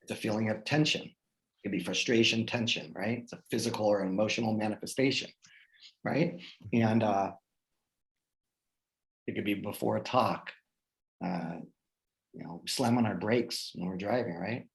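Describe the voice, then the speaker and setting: A low-voiced man with a gravelly edge, chatting as a guest on a casual call. He tells personal stories in an animated, loose way, restarting phrases and tossing in "right?" as he goes. His delivery is relaxed and conversational. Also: moderate pace, long pauses, low-quality recording. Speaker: guest speaker.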